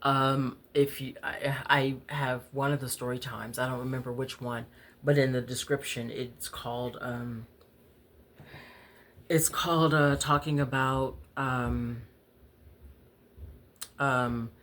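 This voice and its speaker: A woman who is a writer and poet, telling candid personal stories in a casual, unhurried way with many fillers and laughs. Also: very deep voice, little pitch movement, a bit bright. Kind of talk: casual storytelling vlog.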